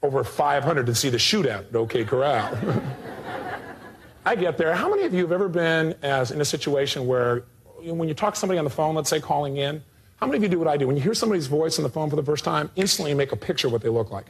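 A man's voice: fairly high pitch, fast talker, husky. A man who works as a motivational speaker, from the United States, telling a story to a live audience and acting out the people in it. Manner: animated, acts out voices in his story.

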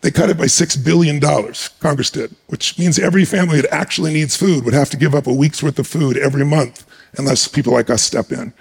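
A man telling a personal story on stage as a guest speaker, animated and emphatic, acting out the scenes. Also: fairly high pitch, fast, creaky, breathy edge.

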